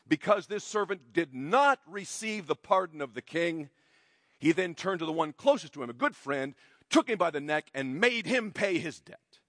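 A male pastor preaching a sermon, emphatic, slowing down for stress and dropping to quiet lines at key moments. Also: no room sound, studio quality. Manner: emphatic, varies pitch and loudness widely, slows for stress.

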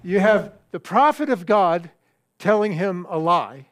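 High-voiced man preaching conversationally. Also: animated, no echo. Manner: conversational, halting with fillers and restarts, chuckling asides. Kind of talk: sermon with Bible reading and story.

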